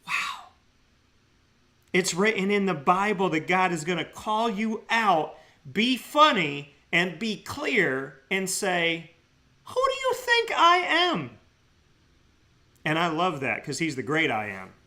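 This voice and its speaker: A man hosting a talk show segment, telling stories with excitement and sincere, earnest thanks. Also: sits high, a little slow. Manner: excitable, laughing storyteller, then quiet and earnest. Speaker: radio show host.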